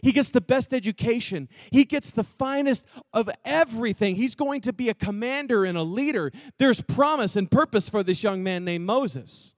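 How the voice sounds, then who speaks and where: A man's voice: very high-pitched, moderate pace, hardly any pauses, dry recording, studio quality. A man from Texas preaching a sermon, telling a story in a loose, slangy way with offhand asides. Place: church gathering room.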